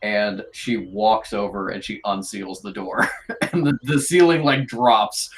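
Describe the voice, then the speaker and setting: A man narrating as game master of a tabletop game, halting often with filler sounds. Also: lowish voice, slight background noise, poor audio.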